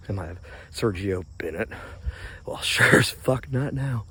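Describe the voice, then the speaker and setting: A man's voice: fairly low pitch, lively intonation, a little slow, pushed and bright, husky. A man ranting angrily and profanely into his phone camera while outdoors in his yard, stoned and rambling. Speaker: vlogger.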